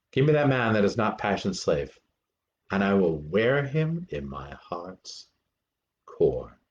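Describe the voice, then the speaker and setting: An earnest young prince lectures a troupe of actors, voiced by a man with a low voice that swoops and rises lively through the verse. The dramatic reading is slow and deliberate, on a dull lo-fi recording. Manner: animated, deliberate verse delivery.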